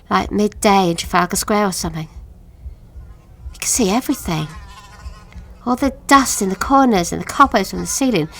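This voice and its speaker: An actress playing a haunted woman, recalling a childhood horror in a halting, hushed audio drama monologue that sinks to whispers. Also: a little high, slight background noise. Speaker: witness recounting an account.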